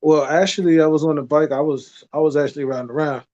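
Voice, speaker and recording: A man joining a livestream as a guest, chatting casually with animated, slangy storytelling. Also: a little high, fast, highs cut off. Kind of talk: casual chat.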